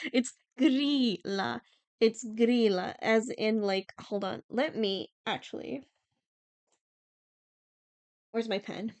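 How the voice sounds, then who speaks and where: A woman's voice: a little high, slow pace, pauses often, darkish tone, no echo. A young woman from Iceland chatting casually on a livestream, giggling often and using lots of fillers.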